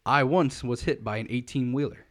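A young man with a mid-pitched voice who runs the rounds of a party game among friends. He teases the others and tosses in quick asides in an easygoing, casual way. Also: fairly bright tone. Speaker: game player. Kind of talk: casual drinking-game chat.

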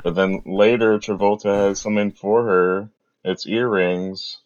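A man co-hosting a movie podcast, calmly walking through the plot step by step. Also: lowish voice, dull audio. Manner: slow, even plot recapping. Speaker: podcast co-host. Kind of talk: casual movie recap.

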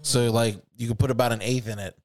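A young man co-hosting a casual podcast, telling stories in a lively way and swearing freely. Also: mid-range voice, quick pace. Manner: profane, animated storytelling. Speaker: podcast co-host. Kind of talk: casual chat.

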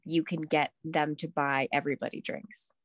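Low-pitched young woman, dry sound. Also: moderate pace, no room sound. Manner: animated storyteller, acts out quotes, swears. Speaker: podcast co-host. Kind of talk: casual podcast chat.

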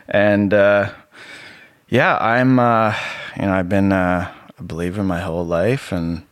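Man, very low voice, soothing, dry close sound, rambling testimony guest. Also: slow pace, long pauses, no echo. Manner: relaxed, rambling, many fillers. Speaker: podcast guest. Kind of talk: casual personal testimony.

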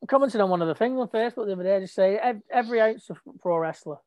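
Female guest, lively and blunt, dry recording. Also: medium pitch, very fast, no echo. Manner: lively, opinionated, chatty. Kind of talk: casual chat about wrestling.

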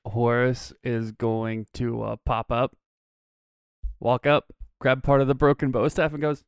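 Halting, giggly male player. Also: medium pitch, level tone, clean tone, dry recording, clean studio sound. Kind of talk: casual game chat.

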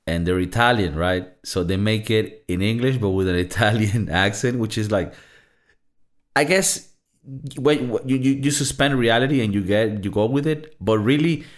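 Low-voiced man chatting loosely about films. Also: moderate pace. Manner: loose, swearing, jokey. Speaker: podcast co-host. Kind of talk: casual movie review chat.

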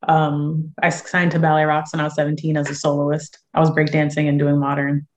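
A woman's voice: deep voice, completely flat delivery, brisk, darkish tone. A young woman from San Diego, chatting casually as an interview guest, full of fillers and easy laughs. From San Diego, USA. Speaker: guest musician and actress.

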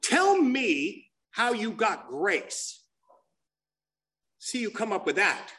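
Talking slowly with a high-sitting voice, a man shares at a recovery meeting, telling stories that are profane, blunt, and animated.

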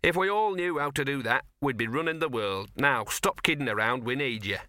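A man voicing a scruffy, wheezing old male talking dog, gruff and sardonic. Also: medium pitch, animated, a little fast, pushed and bright, no echo, clean studio sound.

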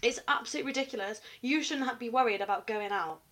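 A woman's voice: fairly high pitch, fast, fairly bright tone. A young woman, a university student, co-hosting a podcast in casual chat and reading from her notes when she tells a case. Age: young adult. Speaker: podcast co-host.

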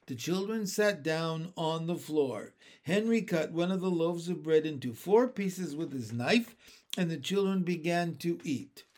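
A man reading a children's chapter book aloud in a gentle storytelling manner. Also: fairly high pitch, a little slow. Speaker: narrator. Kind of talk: audiobook narration of a children's book.

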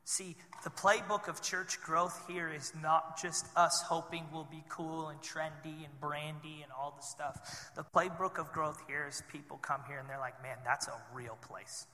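Male pastor, conversational sermon with animated bursts, high, sharp voice, reverberant church hall. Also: moderate pace. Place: church sanctuary.

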